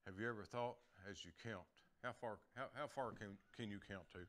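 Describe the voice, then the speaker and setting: A man's voice: lowish voice, fairly quick, a bit bright. An older man, preaching a folksy lay sermon, repeating words and chuckling as he talks.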